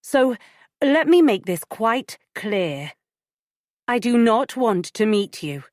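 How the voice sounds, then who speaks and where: A woman's voice: mid-range voice, expressive, moderate pace, dry recording, clean studio sound, natural voice. A woman reading an audiobook, voicing a woman who speaks firmly and bluntly on the phone. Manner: firm and blunt. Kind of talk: audiobook character voice.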